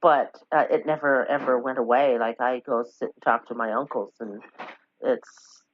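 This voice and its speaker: A woman from Newfoundland with a softened Newfoundland accent, a podcast host who chats quickly and casually. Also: very deep voice, steady tone, slight background noise. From Change Islands, Newfoundland. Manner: chatty and quick, laughing between thoughts. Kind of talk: casual chat. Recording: dull lo-fi audio.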